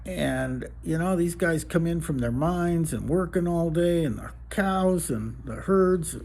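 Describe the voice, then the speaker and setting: A man's voice: on the high side, a little slow, creaky, a little mellow. A man voicing an older frontier saloon owner who drawls out a warning.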